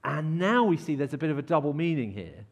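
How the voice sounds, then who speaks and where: A man preaching a sermon in church, lively and acting out crowd shouts as he reads and explains scripture. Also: on the high side, fairly quick, highs cut off. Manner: animated, acts out crowd shouts.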